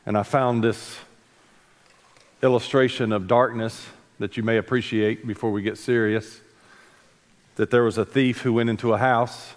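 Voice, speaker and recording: Male pastor, mid-pitched, casual storytelling sermon delivery, long church reverb. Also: flat delivery, moderate pace. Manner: folksy storytelling with asides and self-corrections. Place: church sanctuary.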